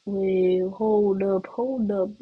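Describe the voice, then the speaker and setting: A woman's voice: medium pitch, fairly even intonation, drawn-out words, slightly rough, narrow, tinny audio. A teenage girl student in a casual comedic rant, rambling and giggling with lots of "like". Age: teens.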